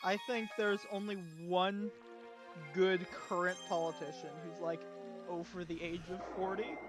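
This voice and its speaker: Male co-host, high voice, giggly and animated, over clear game music. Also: measured pace. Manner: animated, laughs often, trips over his words. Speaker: co-commentator on stream. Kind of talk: casual chat.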